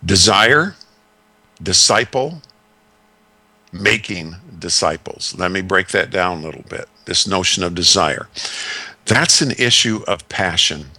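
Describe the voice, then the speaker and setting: Bright, dry-voiced older man, unhurried. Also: low-pitched, expressive, no room sound. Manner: measured, folksy storytelling with many fillers. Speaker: discipleship consultant. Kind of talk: radio talk segment.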